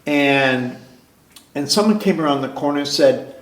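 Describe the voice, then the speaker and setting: A man sharing his personal recovery story at a meeting, earnest and halting, often restarting his sentences. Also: a little high. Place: recovery club meeting room. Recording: roomy club meeting hall.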